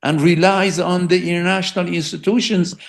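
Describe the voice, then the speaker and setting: A man's voice: high voice, steady tone, brisk, gravelly. A middle-aged man, a political science professor and English speaker, speaking emphatically in an interview and repeating words for stress. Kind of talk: academic interview.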